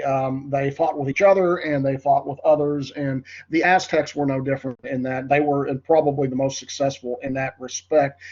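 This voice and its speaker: A man's voice: fairly high pitch, a little mellow, dull audio. A man with a congested, nasal voice teaching a history class in a rambling lecture, full of fillers. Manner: rambling, filler-heavy, addresses class as folks. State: congested, voice cracking.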